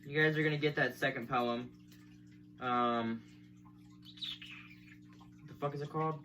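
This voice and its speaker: A man's voice: medium pitch, fairly even intonation, unhurried, pushed and bright, a little hiss or hum. A young man talking casually to camera in a chatty, self-deprecating way, laughing often, and then reading poems aloud. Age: young adult. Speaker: vlogger. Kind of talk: casual vlog chat and poem reading.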